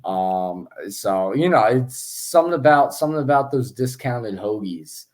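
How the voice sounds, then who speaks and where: A man's voice: mid-range voice, lively intonation, measured pace, darkish tone. A man co-hosting a casual sports podcast, chatty and joking, with many fillers and restarts. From Philadelphia area. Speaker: podcast co-host.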